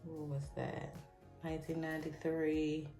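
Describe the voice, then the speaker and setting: A low-pitched woman, chatting in a casual, tickled way. Her voice rings in an echoey room while soft music plays underneath. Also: measured pace. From Pittsburgh, USA. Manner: chatty, tickled, easily excited. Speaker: vlogger. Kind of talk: casual nostalgic show-and-tell.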